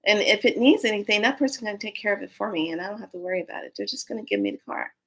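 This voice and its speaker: Expressive woman telling a story. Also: mid-range voice, rapid-fire. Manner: expressive, acts out dialogue. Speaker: spiritual speaker. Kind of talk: personal storytelling.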